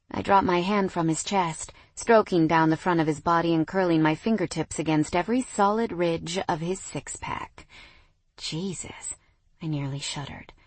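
A young adult woman narrating a first-person romance audiobook in an expressive, wry manner. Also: lowish voice, no room sound.

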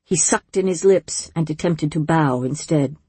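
A woman narrating a fantasy audiobook in a measured, wryly storytelling manner. Her voice sits low and husky, recorded dry and close in a studio. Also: warm tone, dry recording.

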